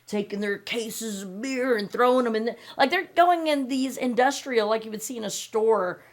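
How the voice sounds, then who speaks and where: A woman's voice: fairly high pitch, moderate pace. A woman, hosting a podcast and ranting bluntly and sarcastically, with heavy swearing. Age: 50s. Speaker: podcast host. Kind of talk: angry opinion rant.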